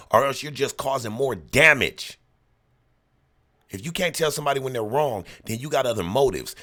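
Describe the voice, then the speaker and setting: Animated man ranting over a clip. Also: mid-range voice. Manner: animated, preachy ranting with mocking put-on voices. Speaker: reaction video host. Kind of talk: casual commentary on a clip.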